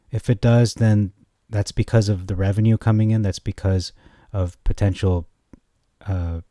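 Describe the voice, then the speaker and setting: A man giving a casual, rambling stock chart analysis, often correcting himself and getting excited. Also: on the low side, no room sound, clean studio sound. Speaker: stock market commentator.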